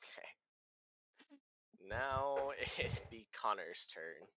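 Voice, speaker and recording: A man's voice: medium pitch, animated, very slow, bright, forceful tone, no room sound, highs cut off. A man running a tabletop game as game master, easygoing and laughing often as he explains the rules.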